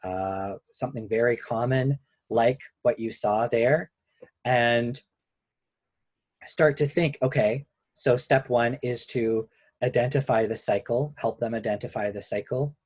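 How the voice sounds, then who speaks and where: A man who is a couples therapist, giving a measured, explanatory webinar lecture and slowing down on key points. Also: medium pitch, steady tone, a little mellow, husky, no room sound.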